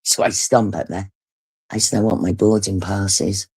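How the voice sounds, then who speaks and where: Talking at normal speed in a very deep voice with a breathy edge, a middle-aged UK woman tells a story on her livestream. She's blunt, swears a lot, and retells events in an animated way.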